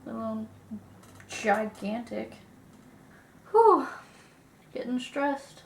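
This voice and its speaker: A woman's voice: a little high, lively intonation, extremely slow, vocal fry, reverberant, a little hiss or hum. Sniffly young woman rambling through makeup. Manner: self-deprecating, swears casually, drifts into mutters. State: sniffly, getting over an illness. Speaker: beauty vlogger. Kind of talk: casual chat while doing makeup.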